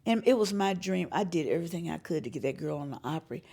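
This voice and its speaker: Woman, animated storyteller, acts out voices, lively pitch. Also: fast talker, husky. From North Carolina. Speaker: interviewee, singer and showcase organizer.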